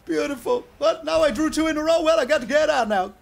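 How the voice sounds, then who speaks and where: A man giving excitable, animated live commentary over his own card game, now and then breaking into loud shouts. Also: very high-pitched, fast talker, gravelly. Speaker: gaming YouTuber.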